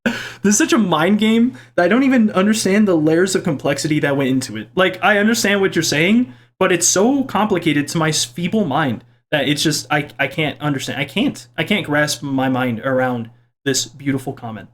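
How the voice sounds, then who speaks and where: A young man casually reading out and joking about viewer comments in his video, with a playful, self-mocking manner. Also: animated. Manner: playful, self-mocking, quick swings in pitch. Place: home kitchen.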